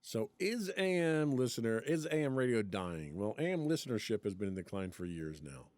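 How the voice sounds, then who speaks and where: Lively-voiced man co-hosting a podcast. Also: medium pitch, normal speed. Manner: chatty, laughs often, reads from an article. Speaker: podcast co-host. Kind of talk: casual podcast chat.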